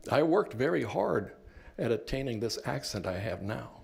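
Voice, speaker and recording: A man's voice: mid-range voice, very animated, normal speed, gravelly, a little mellow. An older man born in Cuba, a professor giving an earnest, reflective talk about his life and work, with touches of wry humor. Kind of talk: personal reflective lecture.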